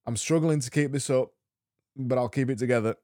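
A man's voice: medium pitch, fairly quick, darkish tone, soft background music. A man hosting a comedy podcast, sarcastically gushing thanks to listeners in a mock-cheerful monologue with stammering restarts. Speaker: podcast host.

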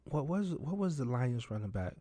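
A man in his forties, a former teammate, chatting casually and quietly, often trailing off and agreeing. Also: medium pitch, very animated, normal speed, dry recording. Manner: soft-spoken, affirming, trails off and laughs. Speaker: former college football teammate. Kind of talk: casual chat.

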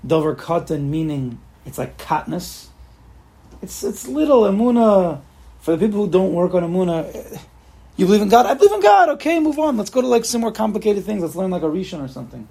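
A man with a somewhat high, gravelly voice teaches a Torah class in a relaxed spoken way. His husky tone carries through frequent restarts and rhetorical questions, with Hebrew terms mixed into his talk.

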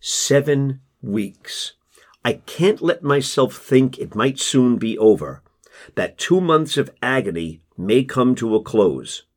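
A man narrating a first-person memoir in a measured, restrained way. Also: medium pitch, sing-song. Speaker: audiobook narrator.

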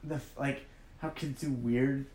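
A man on a podcast with a dry, deadpan way of talking, at a middle pitch. The room has a noticeable echo. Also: measured pace. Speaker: podcast co-host. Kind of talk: casual chat. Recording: echoey room.

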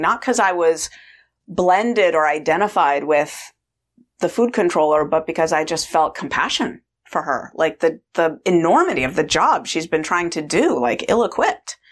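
Lively woman in her forties telling a story. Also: on the low side. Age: 40s. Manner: animated storyteller acting out dialogue. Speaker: vlogger, weight-loss coach. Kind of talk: personal storytelling vlog.

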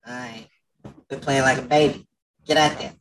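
A man's voice: medium pitch, little pitch movement, moderate pace, recorded from a distance, rough recording. A man hosting a casual podcast, joking and teasing, often restarting his sentences. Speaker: podcast host.

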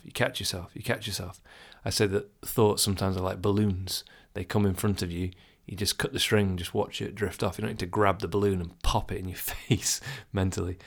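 A man's voice: low-pitched, creaky. A man talking casually and reflectively about overthinking, chuckling now and then and acting out his inner thoughts. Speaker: self-help speaker. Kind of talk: casual advice talk to the listener.

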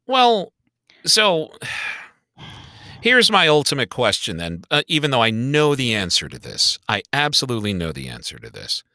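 Animated bright-voiced man co-hosting. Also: mid-range voice, normal speed, no room sound, studio quality. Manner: animated, swearing, sighing. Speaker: podcast co-host. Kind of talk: casual movie review chat.

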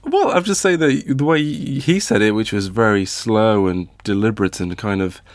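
A man's voice: fairly low pitch, expressive, moderate pace, no echo, clean studio sound. A man co-hosting a podcast, chatting playfully and often restarting his sentences. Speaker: podcast co-host. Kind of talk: casual chat.

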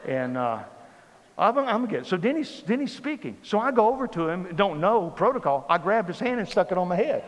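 A man telling a funny personal story from the pulpit in a sermon, animated and comic. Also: high voice, a little fast, a little hiss or hum. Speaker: pastor. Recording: reverberant hall with faint ambience.

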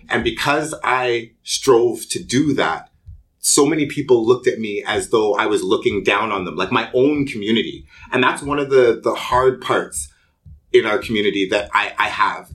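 A man's voice: lowish voice, a bit bright. A man and college student talking earnestly and with emphasis in a casual round-table chat. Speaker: student club member.

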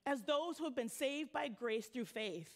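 A woman's voice: high voice, expressive, unhurried. Conversational woman youth pastor preaching. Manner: conversational, laughs while telling stories. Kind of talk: sermon with storytelling. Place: church sanctuary.

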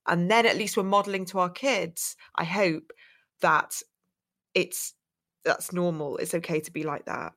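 A woman's voice: on the low side, steady tone, measured pace, a bit bright. A woman hosting a podcast interview, talking in a reassuring, conversational way. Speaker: podcast host.

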